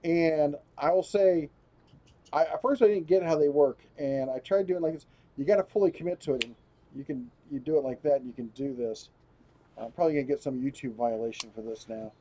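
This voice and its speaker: A man's voice: fairly high pitch, a little fast, mellow. A man hosting a casual live stream, rambling as he reads viewer comments aloud and chats. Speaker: host.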